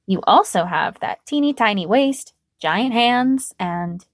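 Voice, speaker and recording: A woman voicing a cheerful, teasing young female hero who talks in bright, emphatic bursts. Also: on the high side, expressive, slow pace, no echo, studio quality.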